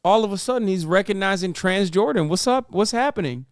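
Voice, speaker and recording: A man's voice: sits high, lively intonation, fairly quick, smooth, no room sound, clean studio sound. A man streaming reaction commentary, heated and sarcastic, swearing often.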